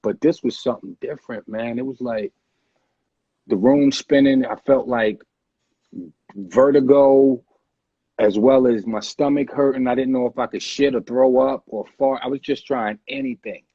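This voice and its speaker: A man's voice: mid-range voice, fairly even intonation, moderate pace, mellow, slightly rough, no room sound. A man telling a story in a laid-back, profane way, as the guest in an interview. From United States. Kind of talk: casual storytelling. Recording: dull dry recording.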